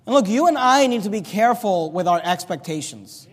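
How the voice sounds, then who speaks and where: A man preaching a sermon in a church, reading scripture aloud and acting out the characters with animated emphasis. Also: high-pitched, brisk, big-room sound. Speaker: pastor.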